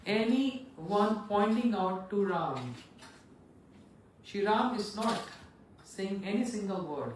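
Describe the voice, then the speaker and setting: A monk preacher telling a sacred story in a dramatic, animated sermon. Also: male voice, sits high, recorded from a distance. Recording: echoey hall, voice from afar, faint noise.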